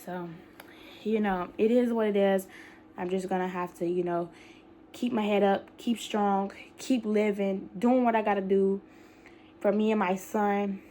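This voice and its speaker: A woman's voice: mid-range voice, fairly even intonation, a little slow, warm tone, slight background noise. Breathless young woman vlogging. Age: young adult. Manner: rambling, many fillers, colloquial speech. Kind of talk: casual talk to camera.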